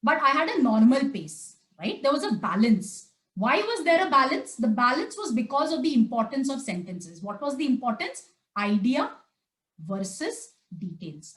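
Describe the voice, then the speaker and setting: A woman teaches a live prep class in a high voice. She keeps firing questions at her students and then answers them herself. The room echoes noticeably around her. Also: big pitch swings, moderate pace, a bit bright. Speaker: test prep tutor. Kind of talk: live online class lecture.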